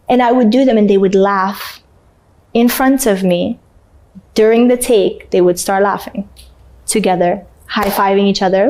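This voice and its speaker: Young woman from Canada, interview guest; emotional, animated storyteller with a slightly high voice. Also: normal speed. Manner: animated, acts out voices and laughs while telling.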